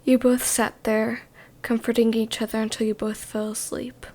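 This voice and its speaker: A woman narrating a second-person story in a whispered role-play, in a hushed voice. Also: fairly high pitch, flat delivery, normal speed.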